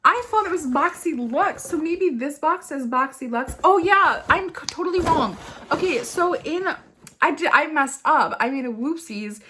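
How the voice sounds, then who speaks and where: A young woman unboxing makeup on camera, gushing, squealing and near tears with excitement. Her voice sits high and swings widely in pitch. A faint hiss runs under the recording. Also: moderate pace. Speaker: beauty vlogger.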